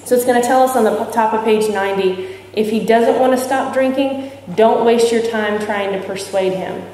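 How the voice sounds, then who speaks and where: Lady cracking jokes at a big convention, mellow voice, booming hall echo. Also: moderate pace, a little hiss or hum. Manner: candid, joking, asks the audience questions. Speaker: speaker sharing recovery experience. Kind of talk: talk at a recovery convention. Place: large hall with audience. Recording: echoey hall from far off.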